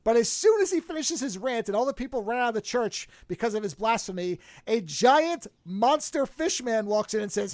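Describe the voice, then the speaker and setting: A podcast host retells a film in a loose, chatty way, dropping into quick put-on voices for the characters' lines. The sound is dry and close to the mic. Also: mid-range voice, no room sound. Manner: animated, acts out quotes with shifting voices. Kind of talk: casual retelling of a movie plot.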